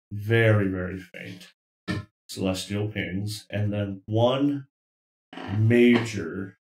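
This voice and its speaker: A man running a tabletop game as game master, explaining rulings in a relaxed way with pauses. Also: fairly low pitch, reverberant, low-quality recording.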